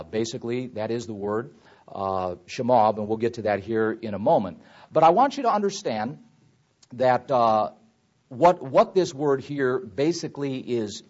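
A man preaching a Bible teaching sermon, swelling loud on quoted scripture and dropping low on asides. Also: dull audio.

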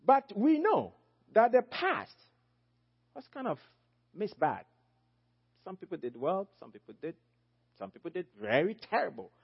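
Expressive slow-preaching man. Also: vocal fry, breathy edge, highs cut off. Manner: emphatic, swinging between loud high exclamations and low quiet phrases. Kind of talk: sermon.

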